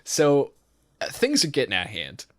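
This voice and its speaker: A man's voice: mid-range voice, huge pitch swings, moderate pace, no echo, studio quality. A young man co-hosting a podcast, telling a rambling, profane story and laughing often as he goes. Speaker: podcast co-host. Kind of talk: casual storytelling chat.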